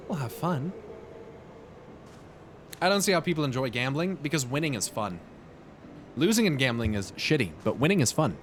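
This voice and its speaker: A man's voice: medium pitch, sing-song, moderate pace, long pauses, noisy background. A man doing casual, jokey gameplay commentary, reading game dialogue aloud, laughing and swearing now and then. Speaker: game streamer.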